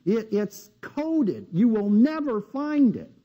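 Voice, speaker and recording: A man's voice: high voice, very animated, takes it slowly, highs cut off, exaggerated voice. A man voicing a knowing wooden puppet boy in an insistent, explaining way, within a seminar story.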